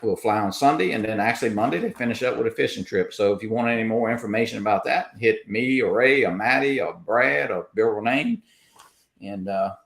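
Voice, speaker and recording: A man's voice: fairly low pitch, fairly quick, gravelly, echoey room. A man hosting a casual livestream chat, rambling through announcements with many fillers. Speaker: host.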